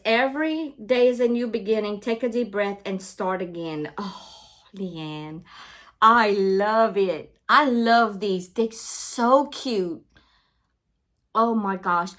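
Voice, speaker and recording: Woman host, slow easy delivery, chatty and gushing, casual vlog. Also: mid-range voice, fairly bright tone. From Louisiana, US. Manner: chatty, gushing, talks straight to viewers with lots of "y'all". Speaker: craft and book channel host.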